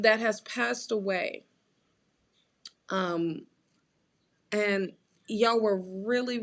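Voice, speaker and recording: A woman with a slightly raised voice reads tarot cards on a live stream. She speaks slowly and emphatically, urging the viewer on. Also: fairly high pitch. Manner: encouraging, drawn-out and emphatic. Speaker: tarot reader and co-host.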